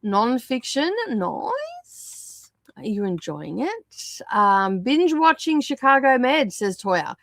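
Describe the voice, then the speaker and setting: A woman hosting a casual livestream, greeting viewers and chatting, her voice croaky from a sore throat. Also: on the high side, sing-song, slow, fairly bright tone, no room sound, studio quality. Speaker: livestream host. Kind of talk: casual livestream chat reading out viewer comments.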